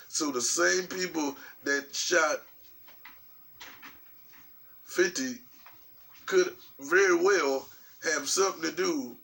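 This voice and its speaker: Male vlogger from New York, profane rambling commentary, higher voice, distant mic. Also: gravelly. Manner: animated, profane, rambling with many restarts. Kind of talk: casual commentary vlog. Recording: distant mic with faint background noise.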